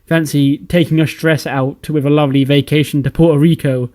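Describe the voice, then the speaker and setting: A man's voice: on the high side, little pitch movement, a little fast, a little mellow, natural voice. A man doing cheery pushy timeshare salesmen. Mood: salesy.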